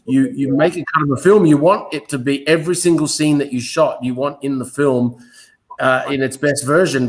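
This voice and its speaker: Male filmmaker, halting, thinks aloud, middle pitch. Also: low-quality recording. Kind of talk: casual interview.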